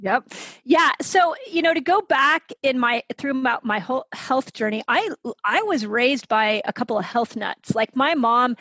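A woman in her fifties, a health expert guest, telling her own story in a lively conversational way and acting out the voices of people she quotes. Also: high-pitched, dry recording, low-quality recording. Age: 50s. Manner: animated, quick to act out quoted voices.

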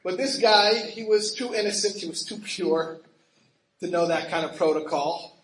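A man telling a story in an animated, laughing way, acting out quoted voices with big jumps in pitch. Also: moderate pace. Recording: roomy echo with faint ambient noise.

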